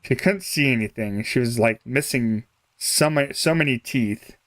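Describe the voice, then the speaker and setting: A young man with a mid-range, fairly bright voice chats casually while playing on a game live stream, at a measured pace. The studio-quality recording is dry, and he rambles, chuckles often, and trails off mid-thought.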